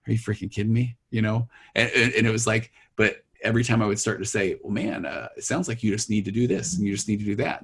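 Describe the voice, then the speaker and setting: A man's voice: fairly low pitch, husky. A middle-aged man, a therapist, telling stories from his practice in casual conversation and acting out his clients' voices.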